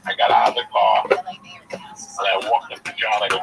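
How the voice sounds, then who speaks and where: A man's voice: sits low, normal speed, vocal fry, long pauses. A man casually telling a profane story, acting out the dialogue as he goes. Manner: profane, animated retelling with quoted dialogue. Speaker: storyteller guest. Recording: far from mic with music behind.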